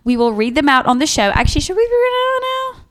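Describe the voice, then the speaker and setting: Podcast co-host: a blunt woman with a slightly high voice, dry teasing, casual. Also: fast. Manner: blunt, swears freely, deadpan teasing. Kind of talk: casual chat.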